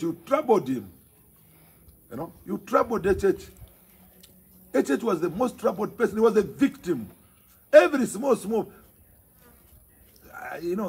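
Husky-voiced Zambian man, scolding rivals. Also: sits high, darkish tone. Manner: emphatic, scolding, repeats phrases for force. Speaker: provincial party chairman. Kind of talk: impassioned political speech to the press.

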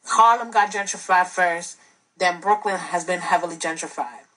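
A woman speaks on a talk show like a teacher, earnest and lecturing. Her voice is slightly husky and mid-pitched, and she leans on rhetorical questions. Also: moderate pace, a bit bright, low-quality recording. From the Bronx, New York.

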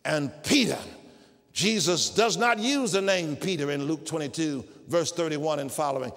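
A man preaching a sermon in a church, emphatic and climbing to shouted peaks. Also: fairly high pitch, moderate pace, big-room sound. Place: church sanctuary.

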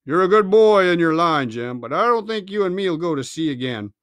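A man's voice: sits high, lively intonation, fairly quick, a bit bright, smooth, no echo. A man voicing a blunt, weary old sea captain in a storybook reading.

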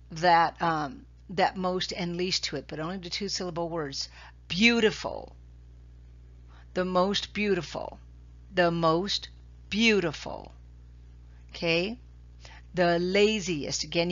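The recording is muffled, and the teacher's voice sits on the low side with a slight brightness. Working through grammar slides in a recorded lesson, she goes slowly and patiently, repeating key points and checking in with "okay?"

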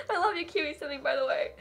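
Tearful high-voiced young woman streamer. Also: a bit bright. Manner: tearful, laughing through tears; gushing, affectionate thanks. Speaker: streamer reading out donations. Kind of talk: live charity stream.

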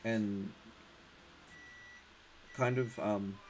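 A man's voice: on the low side, fairly even intonation, extremely slow, darkish tone, a little hiss or hum, poor audio. A man narrating as game master for a tabletop game, hesitant and full of fillers and restarts.

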